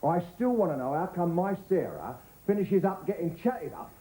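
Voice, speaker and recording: A man's voice: sits high, very animated, moderate pace, dark tone, echoey room, low-quality recording. A middle-aged man playing a stern, probing father and boss in a sitcom. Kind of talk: sitcom acting.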